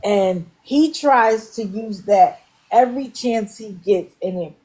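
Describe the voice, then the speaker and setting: A woman's voice: medium pitch, takes it slowly, dark tone. A woman hosting a live stream, talking bluntly and with exasperation to her viewers. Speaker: livestream host. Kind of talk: casual commentary. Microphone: live stream setup.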